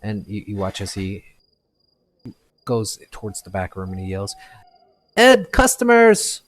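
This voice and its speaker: A man acting as game master, narrating a tabletop game in a halting way with many fillers. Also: low voice, level tone, darkish tone, no room sound.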